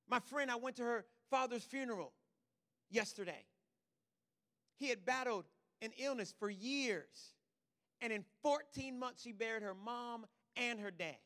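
Man preaching a sermon, bright tense voice, checks in with the crowd, gets loud and emphatic. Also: extremely high pitch, animated, normal speed, big-room sound. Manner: emphatic preaching that swings from quiet asides to loud declarations; checks in with the congregation. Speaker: pastor.

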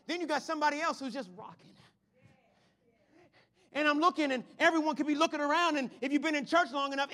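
Preacher, male, high and bright voice, builds to shouts, church hall echo. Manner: swings from quiet to shouting praise. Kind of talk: sermon. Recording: long hall reverb.

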